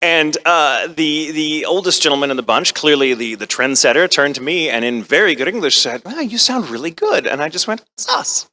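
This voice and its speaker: At a convention panel, an American guest actor tells a comic story, animatedly acting out the voices of its characters. His voice is a little high, a little fast, with hardly any pauses, over slight background noise.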